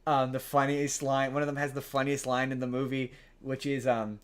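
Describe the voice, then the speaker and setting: A man hosting a podcast, casually retelling a film plot in a rambling, animated way. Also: medium pitch, normal speed, smooth. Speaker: podcast host. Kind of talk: casual chat.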